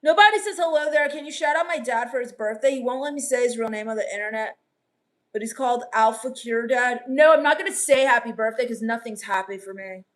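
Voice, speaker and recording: A woman playing a sullen, scornful goth teen vampire on a comedy live stream, reading chat with deadpan, sarcastic put-downs. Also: fairly high pitch, fairly quick, close to an everyday voice.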